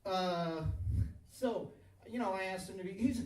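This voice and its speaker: A thirty-something man with a fairly high voice works a small bar crowd with crude, self-deprecating stand-up and keeps chuckling at his own lines. He sounds echoey and a little distant, as if the room picked him up from across the bar. The delivery is loose and off the cuff. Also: unhurried, faint music behind. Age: 30s. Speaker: stand-up comedian. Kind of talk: stand-up comedy set. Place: small tavern stage, live audience.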